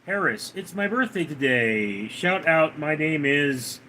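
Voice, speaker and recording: A slow, deadpan man reads his livestream chat aloud and tosses back dry replies. His voice sits a little high for a man and swings widely in pitch. A faint hiss runs under the recording. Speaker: livestream host reading chat. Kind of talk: casual chat reading comments aloud.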